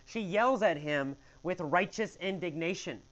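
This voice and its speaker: Male English teacher, slow, exaggerated Q&A storytelling, muffled lo-fi audio. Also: sits high, animated, a bit bright. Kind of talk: question-and-answer story lesson.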